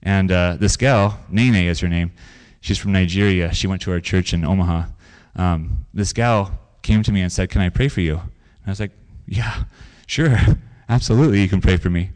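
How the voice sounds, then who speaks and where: A man's voice: low-pitched, fairly even intonation, moderate pace, hardly any pauses, darkish tone, clear, resonant tone. A man preaching a sermon in a conversational way, telling stories and repeating phrases for emphasis. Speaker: pastor.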